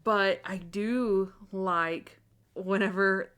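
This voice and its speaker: A woman talking casually as a podcast co-host. She rambles from point to point, breaking off into quick asides and giggles. Her voice sits at an ordinary middle pitch. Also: steady tone, a bit bright, clean tone. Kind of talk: casual chat.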